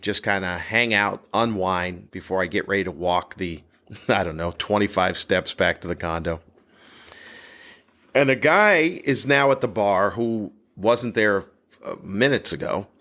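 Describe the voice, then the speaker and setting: A man who hosts a podcast as a stand-up comedian, telling a story in a solo episode. He talks bluntly and crudely, and his voice jumps high as he relives the moment. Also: a bit bright.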